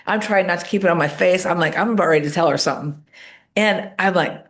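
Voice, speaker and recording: Animated, lower-pitched woman sharing stories. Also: fast talker. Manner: animated storyteller, acts out quoted voices. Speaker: podcast guest. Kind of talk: casual interview talk.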